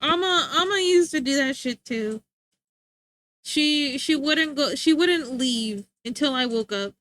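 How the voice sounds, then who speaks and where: Speaking at a measured pace in a high-pitched voice, a young female streamer talks into her desk mic. The chat is casual, lively, and slangy, stuffed with fillers.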